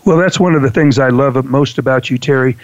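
A man's voice: medium pitch, brisk, no room sound. A man co-hosting a hunting show who asks friendly, leading questions in a casual interview. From Canada. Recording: dull lo-fi dry sound.

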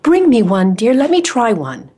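A woman's voice: on the high side, wildly swooping pitch, normal speed, dark tone, husky, pitched above the performer's own voice, heavily acted. A woman voicing a sweet, delicate elderly grandmother in a story she tells. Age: older.

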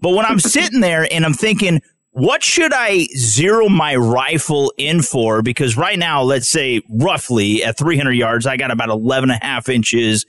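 Lively male radio co-host. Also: medium pitch, moderate pace. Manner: lively, chatty, joking. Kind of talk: casual radio chat.

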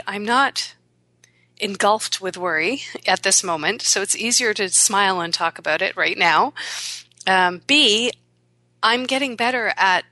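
A woman's voice: medium pitch, sharp tone, dry recording. A middle-aged woman hosting a radio talk show, speaking candidly and with a smile in her voice. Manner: smiling, candid, self-deprecating. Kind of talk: reflective casual talk radio monologue.

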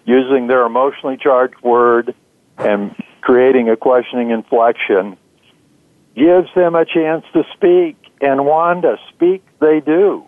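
A man, an author being interviewed, answering in a measured way with frequent "uh" fillers. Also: mid-range voice, dry recording. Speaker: author and guest. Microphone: phone. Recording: tinny dry phone line.

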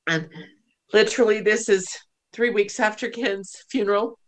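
A woman's voice: mid-range voice, fairly even intonation, normal speed. Emotional woman host telling a story. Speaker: podcast host. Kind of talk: casual conversation.

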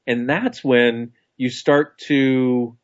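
A man's voice: mid-range voice, fairly even intonation, drawn-out words, highs cut off. A man co-hosting a radio talk show, chatting casually, joking and laughing easily. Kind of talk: casual chat.

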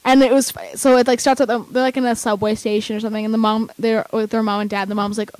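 A young woman chatting casually as a vlogger, excitable and rambling with lots of fillers. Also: on the high side, fast, no echo, poor audio. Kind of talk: casual chat.

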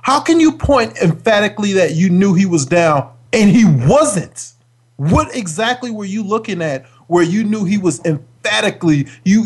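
A man's voice: high-pitched, husky. A man in his forties, a former pro football player, co-hosting a casual sports talk show and ranting emphatically about calls and teams. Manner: emphatic, exasperated ranting with repeated words.

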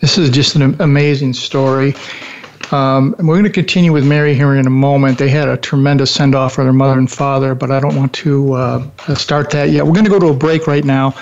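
A man hosts a radio talk show, steering his listeners toward a break in an earnest, upbeat manner. His voice is gravelly with some fry, and the sound is dull and lo-fi. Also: medium pitch, steady tone, brisk. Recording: dull, lo-fi line.

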